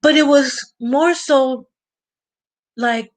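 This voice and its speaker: Woman host, middle-aged, casual chat, unhurried, rambling. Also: sits high. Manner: rambling, many restarts, chatty. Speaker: channel host.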